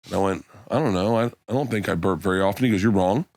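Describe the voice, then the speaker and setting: A comedian telling stories in a casual podcast chat, acting out quotes and laughing loudly. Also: male voice, low voice, quick pace, no room sound, studio quality. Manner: animated storyteller, acts out quotes, laughs loudly.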